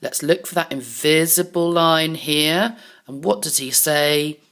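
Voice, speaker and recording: Lady teacher talking to kids, low voice, slow and easy. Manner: warm, encouraging teacher talk to young pupils. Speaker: primary school teacher. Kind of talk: recorded online lesson for children.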